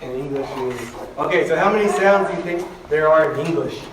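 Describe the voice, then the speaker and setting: A man's voice: fairly high pitch, brisk. Joking male language teacher in an echoey classroom. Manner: joking, informal, drills pronunciation with the class. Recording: echoey classroom from far off with background noise.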